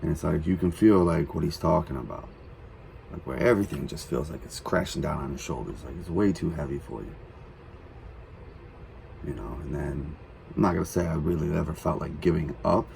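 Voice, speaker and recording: A man with a very deep, gravelly voice talks loosely through a reaction to a song. His tone is dark and mellow, and he rambles with plenty of fillers. Faint noise sits behind him. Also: a little fast. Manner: relaxed, rambling, many fillers. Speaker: reaction video host. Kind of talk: casual reaction commentary.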